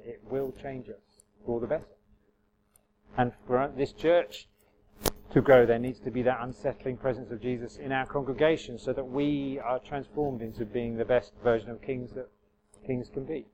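A man's voice: medium pitch, a little hiss or hum. Earnest, conversational male pastor preaching. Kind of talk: sermon. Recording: slightly muffled church recording.

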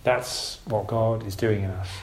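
A man's voice: on the low side, fairly even intonation, measured pace, darkish tone, a little hiss or hum. A man giving an informal sermon to his congregation, talking in a conversational, emphatic way and often correcting himself. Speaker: preacher. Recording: roomy echo.

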